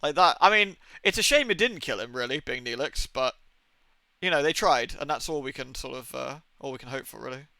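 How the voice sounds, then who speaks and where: A man's voice: medium pitch, animated, brisk, vocal fry, bright, forceful tone, dry recording. A young man chatting casually on a livestream, swearing often and laughing as he talks about old TV episodes. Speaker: streamer.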